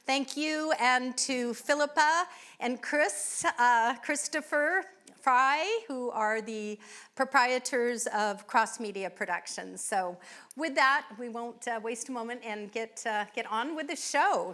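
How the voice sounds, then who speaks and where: A woman's voice: fairly high pitch, slow pace, pushed and bright. A woman hosting a live event, introducing guests with effusive thanks and frequent fillers. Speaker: event host. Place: winery event venue.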